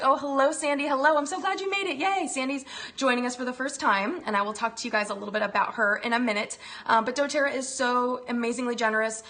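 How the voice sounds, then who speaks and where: A bubbly, effusive woman hosting a live-stream chat, her voice sitting a touch higher than most. She greets her viewers one by one and gushes warmly into a phone mic. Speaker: wellness livestream host.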